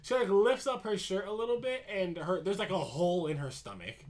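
A podcast co-host casually recapping a movie plot, rambling and hesitant with many pauses. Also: mid-range voice, lively intonation, a little mellow. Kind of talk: casual chat.

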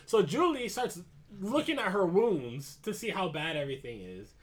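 Casual podcast voice, rambling retelling, frequent ums, mid pitch. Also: sing-song, normal speed. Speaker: podcast co-host recapping a movie. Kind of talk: casual chat.

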